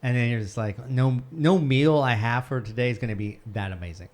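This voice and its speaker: A man's voice: medium pitch, fairly quick. Chatty male podcast co-host. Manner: chatty, laughs often, trails off. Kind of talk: casual chat.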